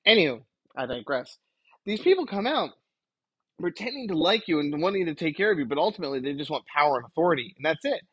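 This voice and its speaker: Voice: mid-range voice, very animated, fast, a bit bright, husky, dry recording, rough recording. A podcast host delivering a preachy solo rant, exasperated and emphatic, lecturing the listeners.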